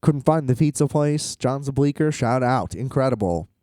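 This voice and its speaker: In a solo vlog shot in a hotel room, a weary man rambles on, exasperated, cursing and laughing a lot. His mid-range voice is mellow and animated at a normal pace, captured in a dry, clean studio-quality recording.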